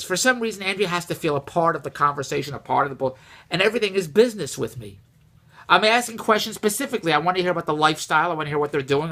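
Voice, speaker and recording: A man telling a casual personal story, rambling and repeating himself, rising and getting louder when exasperated. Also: a little high. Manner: animated, rises and gets louder when exasperated.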